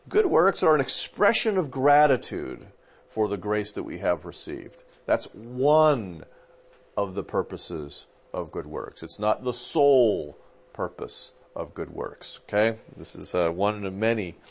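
A man teaching as a pastor, chatty and informal, often pausing on fillers and checking in with his listeners. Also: on the low side. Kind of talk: conversational teaching.

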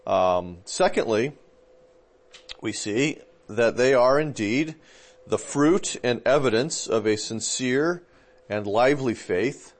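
A man teaching as a pastor, chatty and informal, often pausing on fillers and checking in with his listeners. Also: mid-range voice, lively intonation. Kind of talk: conversational teaching.

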